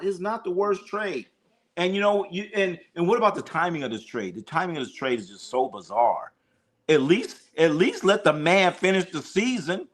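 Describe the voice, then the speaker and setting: A man hosting a casual sports livestream, talking in an animated, profane way and sometimes mimicking whiny crying voices. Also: fairly high pitch.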